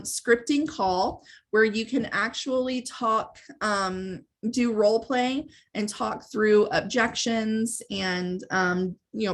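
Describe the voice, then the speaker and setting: A woman's voice: a little high, creaky. A woman hosting a live training webinar, explaining step by step in a conversational way. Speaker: webinar host and sales trainer.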